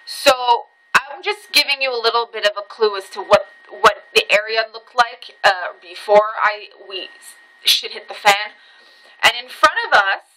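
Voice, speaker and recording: A woman vlogger casually telling a personal story, swearing freely and jumping high in pitch at the tense parts. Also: slight background noise, rough recording. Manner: animated, swearing, voice jumps high when reliving tense moments.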